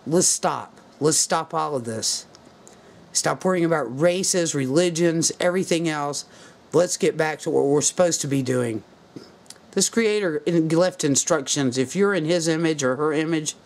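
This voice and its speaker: A man with a slightly raised pitch delivers a heated, preachy rant straight into the camera. He sounds fed up and keeps pressing his listeners to act. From United States. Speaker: video blogger. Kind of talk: impassioned political rant to camera.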